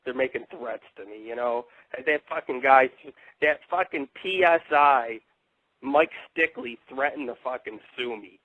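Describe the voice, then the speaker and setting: A man's voice: medium pitch, measured pace, dry recording. A man hosting a live internet radio show, talking in a rambling, profane, combative monologue. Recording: tinny phone-like dry audio.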